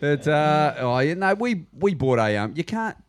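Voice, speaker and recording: A man in casual banter, chatty and full of quick jokes. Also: a little high, very animated, no echo. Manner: joking, chatty, quick asides.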